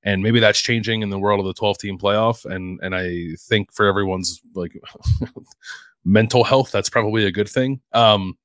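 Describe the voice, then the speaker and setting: A man co-hosting a sports podcast, speaking in a measured way with frequent ums. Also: lowish voice, steady tone, a bit bright, no echo, studio quality. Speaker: podcast co-host. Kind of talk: casual sports talk podcast.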